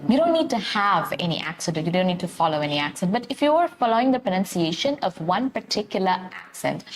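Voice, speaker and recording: A woman teaches a live exam-prep session. Her voice sits at a middle pitch and she talks in an easy, encouraging way, often pausing on fillers and restarting phrases. A faint background noise runs under the recording. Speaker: IELTS tutor. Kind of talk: live online Q&A lesson.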